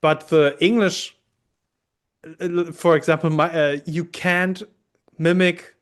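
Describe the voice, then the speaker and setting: A man's voice: a little high, fairly even intonation, takes it slowly. A man with a German accent hosting a podcast, chatting casually in a hesitant way, full of fillers and restarts. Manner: hesitant, many fillers and restarts, laughs easily. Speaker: podcast host.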